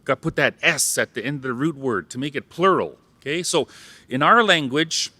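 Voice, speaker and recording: A man's voice: on the high side, lively intonation, fairly quick, bright, forceful tone, no echo. A man from Saskatchewan, Canada, giving a playful public talk as a Cree language teacher and ceremonial helper, joking and leading the audience in repeating words. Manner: playful, jokes, leads audience call-and-response.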